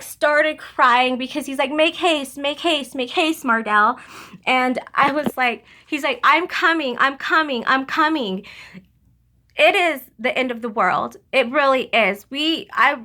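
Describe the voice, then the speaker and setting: Brief: young woman, bright higher voice, earnest and halting, emotional testimony. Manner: halting and earnest, many restarts and fillers. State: emotional, near tears. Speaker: vlogger sharing religious testimony.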